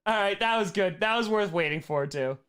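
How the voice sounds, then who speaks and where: A man streaming and reacting, excitable and joking. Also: sits high, brisk.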